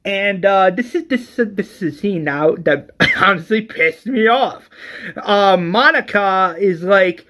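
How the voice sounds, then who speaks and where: A man giving a casual, exasperated movie review, animated and full of restarts and hesitations. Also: high voice, measured pace.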